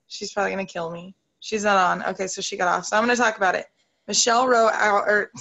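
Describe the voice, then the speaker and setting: Gravelly-voiced woman leading a video call. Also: mid-range voice, fairly bright tone, muffled recording. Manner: emotional, upbeat, talks straight to the group. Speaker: team leader hosting a video call. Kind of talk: motivational talk on a video call.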